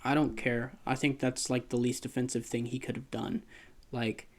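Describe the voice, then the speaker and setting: A man's voice: mid-range voice, flat delivery, moderate pace, heavy background noise. A young American man chatting casually about his records, with lots of fillers and restarts. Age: young adult. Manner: rambling, self-deprecating, many fillers and restarts. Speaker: vlogger. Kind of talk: casual chat.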